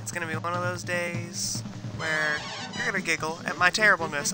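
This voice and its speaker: A man's voice: high-pitched, a little fast, low-quality recording. A man hosting a gaming video, chatting casually and poking fun at his own play over game music. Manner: self-deprecating, relaxed. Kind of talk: casual gameplay commentary.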